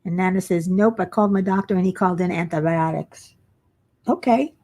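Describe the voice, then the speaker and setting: A woman's voice: lowish voice, fairly quick, warm tone. Tired woman chatting on a craft livestream. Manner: chatty, reads viewer comments aloud. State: tired, yawning. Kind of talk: casual live chat with viewers.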